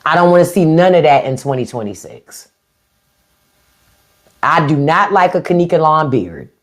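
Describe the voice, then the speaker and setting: A woman on a live stream, talking straight to her viewers with blunt, profane opinions. Her voice sits fairly low, but it swings up and down a lot as she makes her points. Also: sing-song, moderate pace. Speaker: podcast host doing a live stream. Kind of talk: unfiltered live-stream commentary. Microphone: phone or webcam on a live stream.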